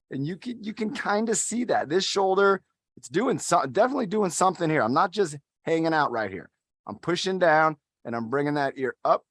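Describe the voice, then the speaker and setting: A man's voice: a little high, fairly bright tone, no echo, clean studio sound. A man instructing an adaptive fitness class, talking in an upbeat, encouraging way and counting down the holds. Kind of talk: guided workout instruction.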